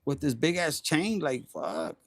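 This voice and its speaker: Male tarot reader, high-pitched and gravelly, brash and profane, casual monologue. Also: unhurried, dry recording. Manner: animated, profane, slips into Spanish slang.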